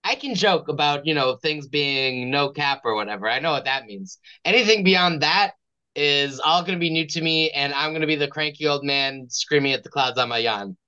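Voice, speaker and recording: Joking podcast co-host on a dull mic. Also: male voice, a little high, normal speed, sharp tone, clear, resonant tone. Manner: joking, self-mocking. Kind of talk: casual podcast chat.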